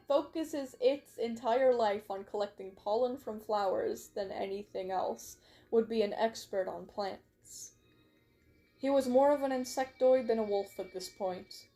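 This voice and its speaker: A woman's voice: a little high, dark tone. A woman reading her own story aloud on a stream, in a casual way, often stumbling and correcting herself with little asides.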